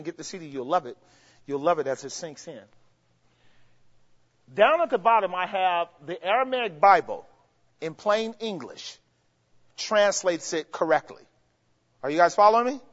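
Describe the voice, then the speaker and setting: A man's voice: high-pitched, a bit bright. A man preaching a teaching sermon, asking the congregation questions and walking them step by step through grammar. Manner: asks the congregation questions and has them answer; explains grammar step by step, with emphatic rises. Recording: dull, lo-fi recording with long hall reverb.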